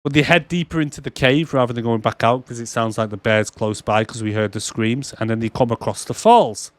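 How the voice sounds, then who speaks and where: A man co-hosting a casual podcast, retelling film scenes with swearing and quick quoted voices. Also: mid-range voice, no echo. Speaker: podcast co-host. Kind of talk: casual chat.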